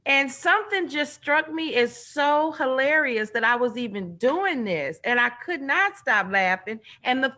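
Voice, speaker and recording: Bright-voiced woman telling lively stories. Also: high-pitched, normal speed, hardly any pauses. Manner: animated storyteller, acts out quoted voices. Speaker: guest. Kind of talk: casual storytelling in a video chat. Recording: dull lo-fi online stream audio.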